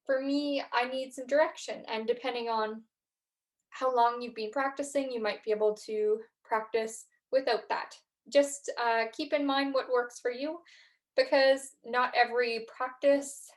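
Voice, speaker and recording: A young woman hosting a podcast, talking gently through reflection and a guided breathing practice, with frequent fillers. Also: on the high side. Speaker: podcast host. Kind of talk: guided mindfulness talk.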